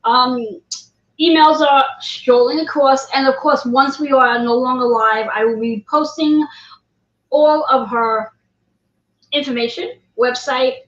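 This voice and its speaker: High-voiced encouraging woman hosting a livestream. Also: a bit bright. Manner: encouraging, repeats phrases, chatty. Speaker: livestream interview host. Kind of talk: upbeat livestream interview. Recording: roomy, dull lo-fi livestream audio.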